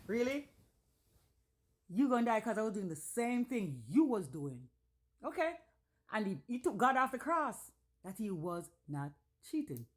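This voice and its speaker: A woman telling a personal story casually, blunt, animated and full of swearing. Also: lowish voice.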